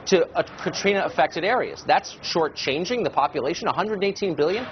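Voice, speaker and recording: A man's voice: high voice, animated, fairly quick. A man arguing his point insistently as a guest in a heated cable news debate. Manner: insistent, emphatic, argumentative. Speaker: political commentator guest. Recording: slightly dull broadcast audio with faint noise.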